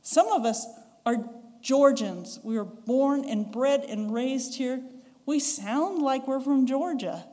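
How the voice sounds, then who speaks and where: In a church sanctuary full of long reverb, a woman pastor from the western United States, Western American accent and all, delivers an easygoing sermon. Her voice sits slightly high, slow and dark in tone, and she now and then chuckles and acts out what people said.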